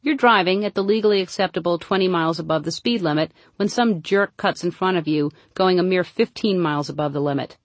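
A woman narrates her humorous audiobook in a wry, dry comic manner. Her voice sits a little low, and it is recorded close with no room echo at all. The delivery stays steady and knowing as she reads. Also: fairly quick, few pauses.

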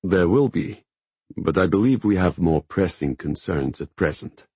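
A man's voice: sits low, animated, measured pace, a little mellow, slightly rough, dry recording, heavily acted. A man reading the part of a weary, commanding woman leader in an audiobook, cool, clipped and dry.

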